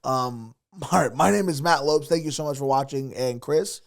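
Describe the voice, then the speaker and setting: A man's voice: mid-range voice, moderate pace, creaky. A young man co-hosting a comedy podcast, reacting casually and reading the show's sign-off. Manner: short stunned reactions, swearing. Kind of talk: casual chat with reactions and show outro.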